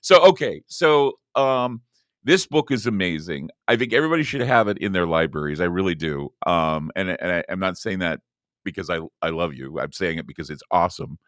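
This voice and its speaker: Rambling low-voiced talk radio host. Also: male voice, expressive, fairly quick, fairly bright tone, no room sound, clean studio sound. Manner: rambling and emphatic, with many restarts.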